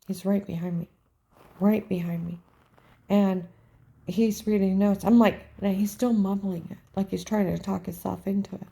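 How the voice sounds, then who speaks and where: A woman's voice: mid-range voice, fairly even intonation, moderate pace, creaky, dark tone. A woman telling a personal story in a rambling, emphatic way, often dropping to a whisper. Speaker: storyteller recounting events.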